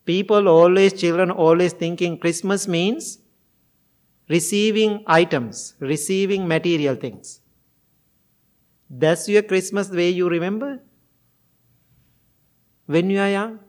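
A man giving a gentle, sermon-like talk, telling a moral story in simple, non-fluent English. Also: sits high, takes it slowly, long pauses.

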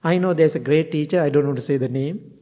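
Monk giving a dharma talk, long reverb. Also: male voice, on the high side, fast, mellow. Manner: chuckles often, non-native phrasing. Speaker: Buddhist monk and meditation teacher. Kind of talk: dharma talk with personal stories.

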